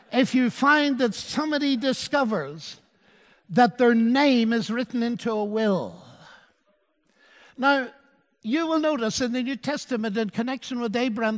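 Male preacher, high voice, story-driven sermon with quoted dialogue. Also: long reverb tail. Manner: storytelling, quoting dialogue with softened voice.

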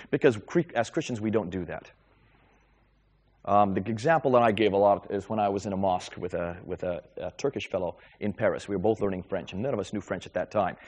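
A middle-aged man giving a talk and answering audience questions about faith, telling stories in a lively, animated way. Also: on the low side. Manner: animated, lively storytelling with quick repetitions. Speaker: Christian speaker taking audience questions. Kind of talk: lecture with audience Q&A.

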